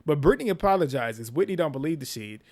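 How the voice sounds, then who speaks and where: Man, fairly high voice, casual recap vlog, chatty, opinionated, slangy. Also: animated, quick pace, darkish tone. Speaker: reality TV recap host. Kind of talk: casual episode recap and reaction.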